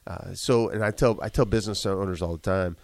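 A man's voice: sits low, a little fast, gravelly, a little mellow. A man with a congested voice and a slight cough, telling earnest motivational stories in a casual podcast chat with frequent restarts. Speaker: guest, business owner.

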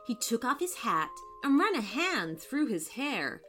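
Woman narrator, children's storybook, slightly high, animated. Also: faint music behind. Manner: expressive, unhurried storytelling.

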